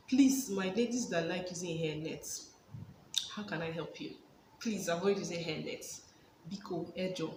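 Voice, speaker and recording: Emphatic woman in an echoey room. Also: on the low side. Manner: emphatic, repeats words for stress. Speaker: hair care vlogger. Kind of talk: casual advice vlog. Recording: echoey room with background noise.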